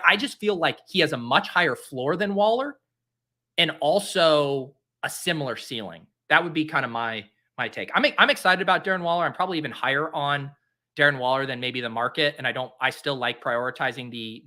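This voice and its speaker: Guy hosting a fantasy football stream, bright tone, chatty and self-mocking, average pitch. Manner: rambling, self-mocking, talks to viewers. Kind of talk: casual live drafting commentary.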